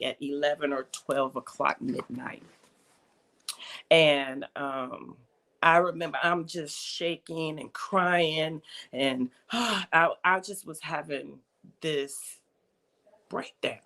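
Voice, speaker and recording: A woman's voice: sits low, slow, fairly bright tone. A woman telling her personal faith testimony in a casual conversation, emotional and storytelling, acting out quoted voices. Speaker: guest.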